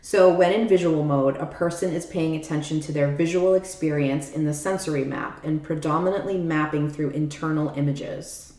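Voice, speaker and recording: A podcast co-host with a low, warm voice explains a topic in casual chat and reads passages aloud, at normal speed with few pauses and fairly even intonation. She's chatty, says "like" a lot, and frequently checks that her listener is following, all in a reverberant recording.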